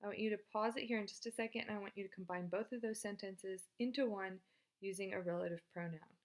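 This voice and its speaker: Woman, teacher, casual video lesson, chatty, encouraging, mid-pitched voice. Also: fairly even intonation, fast. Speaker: Spanish teacher.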